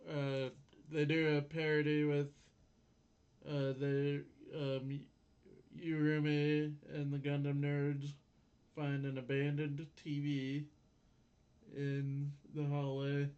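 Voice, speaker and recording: A man's voice: fairly high pitch, completely flat delivery, takes it slowly, darkish tone, highs cut off. A man casually talking through anime episodes with a friend, restarting words and chuckling between points. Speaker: podcast co-host. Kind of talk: casual anime recap chat.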